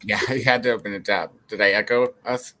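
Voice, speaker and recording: A woman's voice: extremely low pitch, fairly even intonation, fairly quick, pushed and bright. A woman co-hosting a casual reading livestream, teasing and laughing a lot. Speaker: co-host.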